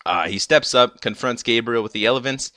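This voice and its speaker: A man's voice: medium pitch, moderate pace, pushed and bright, no echo, clean studio sound. A young man casually recapping a TV episode, rambling with lots of fillers and restarts. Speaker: episode reviewer.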